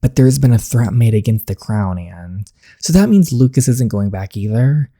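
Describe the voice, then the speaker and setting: A woman's voice: very deep voice, expressive, normal speed, warm tone, exaggerated voice. A woman voicing a stern, protective middle-aged king in a story game, reading the lines plainly. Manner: reads the lines plainly while playing.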